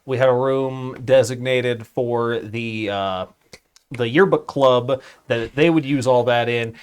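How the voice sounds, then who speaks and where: A man's voice: mid-range voice, takes it slowly, clean tone. A young man chatting casually on a gaming stream, swearing and laughing as he tells stories. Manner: swearing, laughing, animated storytelling. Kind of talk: casual chat while gaming.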